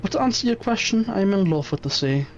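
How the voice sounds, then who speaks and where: A man's voice: sits high, lively intonation, fast, voice pushed up. A man voicing a seasoned old sailor in a game reading, telling his tale matter-of-factly. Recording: muffled stream audio, faint music.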